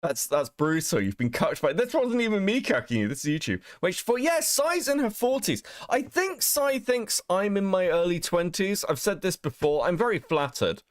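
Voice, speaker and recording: A man's voice: high voice, very animated, moderate pace, hardly any pauses, dry recording, studio quality. A man hosting a livestream, talking casually with a mocking, profane edge and frequent laughter. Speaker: streamer host.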